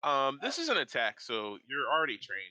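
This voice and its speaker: Lively, bright-voiced man running a game. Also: mid-range voice, brisk, no echo, poor audio. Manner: animated, loose and laughing. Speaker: game master. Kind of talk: narrating a tabletop game.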